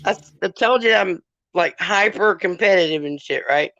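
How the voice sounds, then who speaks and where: A woman's voice: on the low side, normal speed, a bit bright, dry recording, muffled recording. A middle-aged woman hosting a podcast, chatting casually in a sarcastic, swearing storytelling manner. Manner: sarcastic, swearing, laughs while telling stories. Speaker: podcast host. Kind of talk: casual chat.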